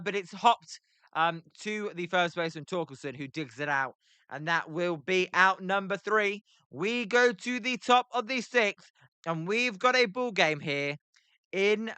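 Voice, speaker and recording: A British man calls a baseball game live from his computer, reading viewer chat between pitches. His voice is bright and crisp, sitting slightly high, with a loose, scattered delivery full of filler ums and self-deprecating jokes. The sound is dry and close. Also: no room sound. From Britain. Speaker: live play-by-play streamer.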